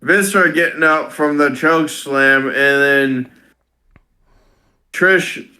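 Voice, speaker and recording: Slow, bright-voiced man. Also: on the high side. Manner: halting, many fillers and restarts while recounting. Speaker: co-host reviewing wrestling. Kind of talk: casual podcast chat.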